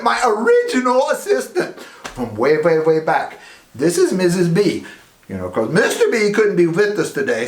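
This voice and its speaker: Jokey man hosting a kids' science show. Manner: jokey, teasing, exaggerated pitch swings. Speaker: children's science show host. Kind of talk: playful kids' science demonstration. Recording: echoey room.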